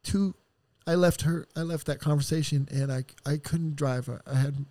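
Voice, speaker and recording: A middle-aged man, a podcast guest, telling a painful personal story in a raw, profane and heartfelt way, with sighs and halting restarts. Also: a little high, fairly even intonation, warm tone, dry recording.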